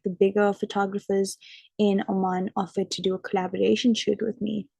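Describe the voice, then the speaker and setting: A young woman chats to camera in a relaxed storytelling vlog, peppering her talk with "like". Her voice is soft and mellow, with a gravelly fry at the ends of phrases. The sound is dry and close. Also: mid-range voice, no echo. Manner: chatty, frequent "like" fillers. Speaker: vlogger and model. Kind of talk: casual storytelling chat.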